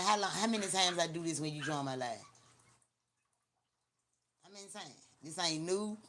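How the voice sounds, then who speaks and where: In a low voice that's bright and forceful, a woman hosts a live stream with her Memphis, Tennessee Southern accent. Her casual talk runs blunt and slangy, with plenty of repetition and teasing.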